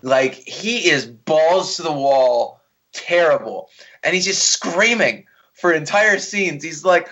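A man's voice: a little high, animated, slow, fairly bright tone, dull audio. A man co-hosting a casual podcast, ranting profanely and mockingly about a bad movie. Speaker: podcast co-host. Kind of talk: casual movie review chat.

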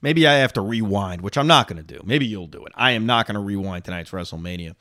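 A man's voice: fairly low pitch, quick pace, no room sound, studio quality. A man hosting a solo reaction podcast, opinionated and talking straight to his listeners, with a lingering cough. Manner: animated, opinionated, talks to listeners directly. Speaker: podcast host.

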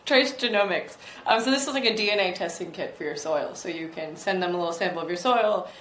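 A woman's voice: lowish voice, quick pace, a bit bright. Chatty woman co-host in echoey room. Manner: chatty, hesitant with fillers, laughs often. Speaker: co-host presenting startups. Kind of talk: casual tech chat. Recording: echoey room with faint noise.

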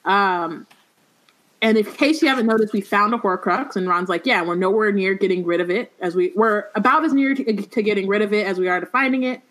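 A woman reading a novel aloud and breaking off to chat about it with friends, slangy and relaxed. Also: medium pitch, brisk. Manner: reads passages then riffs with slang. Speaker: podcast host reading a book aloud.

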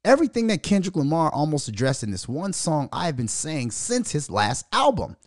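A man's voice: fairly high pitch, very animated, a little fast, no echo, clean studio sound. A man hosting a podcast, ranting in a profane monologue and mocking the voices of others. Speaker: podcast host.

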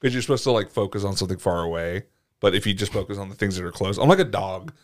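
A man's voice: deep voice, fast. A man co-hosting a podcast, telling stories in casual chat, cursing freely and laughing often. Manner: swears a lot, laughs often, animated storytelling. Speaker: podcast co-host.

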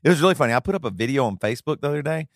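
A man trades jokes and teasing questions on a podcast, his pitch sitting in the middle. The mic is close and dry. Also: expressive, dry recording. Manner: teasing, quick back-and-forth with laughs. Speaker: podcast co-host. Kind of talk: casual chat.

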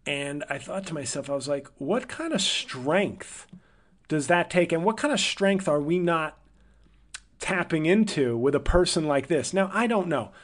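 A man's voice: animated, unhurried. A man hosting a podcast, telling a long personal story in a casual, rambling way, correcting himself as he thinks aloud. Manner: livelier and higher when quoting people. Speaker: podcast host.

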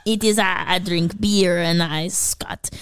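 A woman's voice: lowish voice, fairly even intonation, takes it slowly, background noise, voice pushed down. A woman putting on a silly mock Scottish man's voice as a joke. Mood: jokey.

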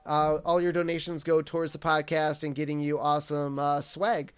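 A man co-hosting a casual podcast, excitable and laughing often. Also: fairly high pitch, normal speed, clean tone. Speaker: podcast co-host.

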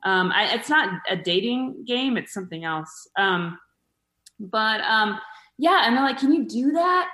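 A woman's voice: medium pitch, animated, measured pace, sharp tone. Woman comedian guest, casual and rambling, fillers galore, echoey room. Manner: chatty, lots of fillers and restarts. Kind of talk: casual podcast chat.

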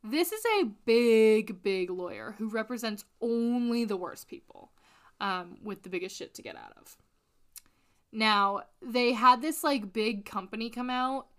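Bright-voiced woman podcaster, animated and sweary. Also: fairly high pitch, unhurried. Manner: swearing, animated, laughs often. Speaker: podcast co-host. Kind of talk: casual true crime podcast chat.

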